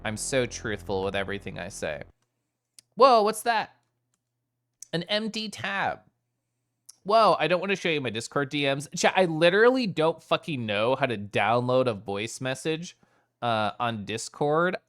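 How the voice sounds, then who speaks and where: A man's voice: mid-range voice, sing-song, a little slow, a bit bright. A man streaming, chatting casually and playfully with his chat, often giggling.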